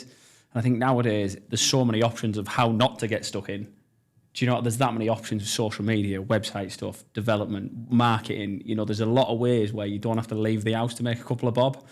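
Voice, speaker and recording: Fast-talking, brash North East English man. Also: lowish voice, darkish tone. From North East England. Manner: blunt, brash, swears freely, enthusiastic. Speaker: podcast guest, entrepreneur. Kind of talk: casual storytelling interview.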